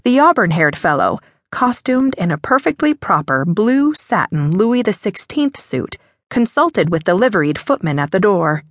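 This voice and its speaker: Expressive woman narrating a romance. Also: mid-range voice, moderate pace, dry recording, studio quality. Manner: expressive, lilting storytelling. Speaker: audiobook narrator. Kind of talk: scripted narration.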